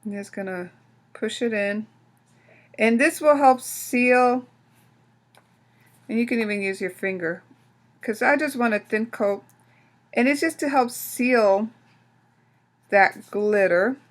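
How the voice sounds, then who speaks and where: A woman whose voice sits on the high side hosts a craft tutorial, speaking slowly with long pauses. She explains each step casually as she works, frequently restarting her sentences.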